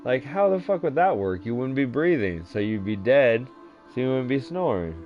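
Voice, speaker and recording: A man's voice: mid-range voice, animated, normal speed. A young man rambling crudely through a casual story, swearing constantly and stumbling over fillers. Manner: profane, crude, loose storytelling with many fillers. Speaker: vlogger. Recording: dull lo-fi sound with faint music.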